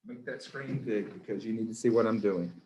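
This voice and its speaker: A man's voice: on the low side, fairly quick, mellow. A man, a biology teacher in his classroom, quizzing students by name in a playful, encouraging way. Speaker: high school biology teacher.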